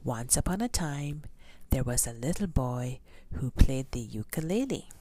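A woman storyteller reading a storybook aloud to children, expressive, with sound effects and questions for her listeners. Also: rumbling low, a little slow, no echo.

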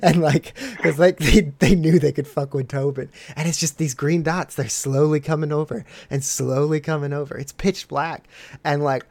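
A man telling a story on a podcast, animated and profane, laughing often as he talks. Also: fairly high pitch, normal speed, creaky. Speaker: podcast host. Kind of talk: casual storytelling.

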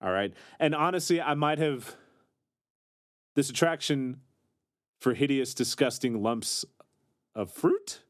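A man's voice: medium pitch, slow, pauses often, no echo, studio quality. A man co-hosting a casual comedy chat, joking and laughing often. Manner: jokey, animated, laughs often. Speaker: podcast co-host.

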